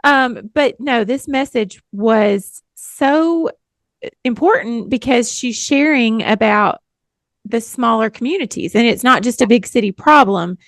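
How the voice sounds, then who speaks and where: A woman's voice: fairly high pitch, expressive, a little slow, dry recording, studio quality. A woman, co-hosting a podcast in a chatty, self-deprecating way and laughing often. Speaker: podcast co-host. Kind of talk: casual podcast chat.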